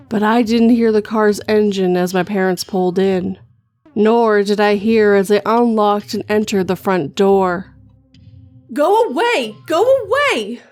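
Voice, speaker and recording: A woman narrating a first-person horror story, with measured scripted storytelling. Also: medium pitch, darkish tone, no echo.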